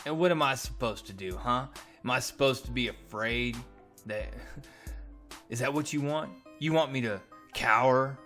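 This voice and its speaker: A man's voice: mid-range voice, measured pace, fairly bright tone, faint music behind, lightly acted. Man doing a sneering symbiote villain. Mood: taunting. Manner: taunting, sneering. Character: cruel mocking male alien symbiote villain. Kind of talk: comic recap voice acting.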